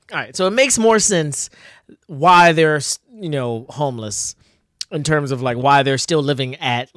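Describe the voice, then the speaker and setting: A man's voice: medium pitch, no echo, studio quality. A man casually reading through his own old comic, laughing a lot and poking fun at himself with many fillers. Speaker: comic artist reviewing own old work.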